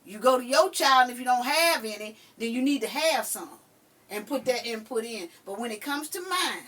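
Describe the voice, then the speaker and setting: Give me a bright, high-voiced grandmother telling stories. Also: normal speed, distant mic. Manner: animated storyteller who acts out quotes. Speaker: podcast host. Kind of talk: casual chat.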